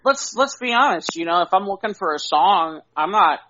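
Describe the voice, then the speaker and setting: A man co-hosts a podcast in a high-pitched, bright, forceful voice with lively intonation at normal speed. He's candid and conversational, sprinkling "you know" throughout. The audio is dull lo-fi podcast sound with slight background noise.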